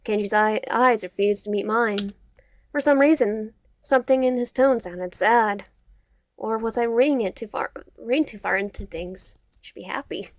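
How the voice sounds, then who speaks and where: A woman's voice: mid-range voice, normal speed, no echo. A young woman playing a visual novel, reading its lines aloud, stumbling over words and adding quips. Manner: reads game text aloud, often stumbling and restarting words; quips between lines of the game. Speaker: gaming YouTuber. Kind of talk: let's play of a visual novel, reading dialogue aloud with asides.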